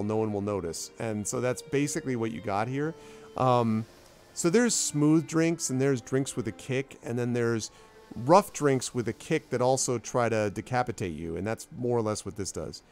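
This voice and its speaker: A man narrating a tabletop game as dungeon master, animated and joking. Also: mid-range voice.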